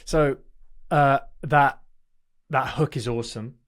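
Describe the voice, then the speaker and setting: Animated chatty man, middle pitch. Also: takes it slowly. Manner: animated, restarting, laughing easily. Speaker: co-host. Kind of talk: casual chat.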